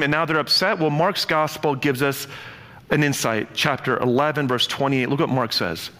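Animated male pastor in a reverberant hall. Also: fairly high pitch, moderate pace. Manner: animated, playful, acts out quotes. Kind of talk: sermon.

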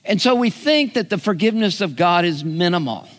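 Male pastor, slightly high voice, unhurried folksy storyteller, big hall reverb. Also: expressive. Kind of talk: sermon.

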